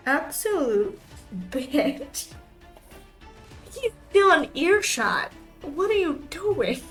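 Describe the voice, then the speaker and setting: A woman's voice: sits high, a bit bright. A woman streamer ranting on a live stream, exasperated and swearing freely.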